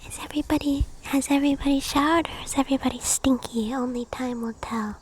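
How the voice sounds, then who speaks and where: A woman streamer in whispered ASMR chat, soft and playfully teasing. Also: high-pitched, fairly even intonation, quick pace, slight background noise.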